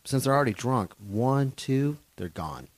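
A man's voice: mid-range voice, animated, measured pace, no echo. A man, a touring comedian, telling rambling, profane stage stories in a casual interview in a hotel room, full of fillers and restarts.

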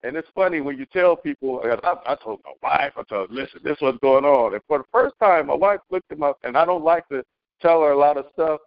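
A middle-aged man on a community call, telling a story as a testimony, animated, with many restarts. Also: a little high, fast talker, no room sound, highs cut off. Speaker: caller sharing a testimony. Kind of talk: casual spoken testimony.

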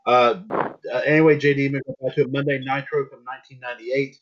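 A man's voice: mid-range voice, little pitch movement, highs cut off. A man hosting a casual wrestling talk show, asking his co-hosts questions and often restarting his sentences. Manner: halting, many restarts and fillers. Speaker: podcast host.

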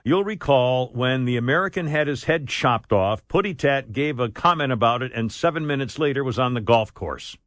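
A man hosting a talk radio show, animated and opinionated, on a studio mic. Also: mid-range voice, normal speed, hardly any pauses, no room sound.

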